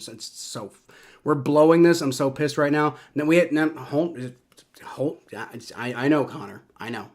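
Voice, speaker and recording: Swearing and excitable, a young guy calls a football game live, reacting to every single play. He has a mid-range voice.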